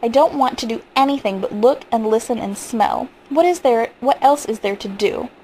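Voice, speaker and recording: A woman reading the part of a spoiled young boy, speaking coldly and defiantly, a little higher than her own voice. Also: moderate pace, dark tone, slight background noise, close to an everyday voice, poor audio. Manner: cold and defiant.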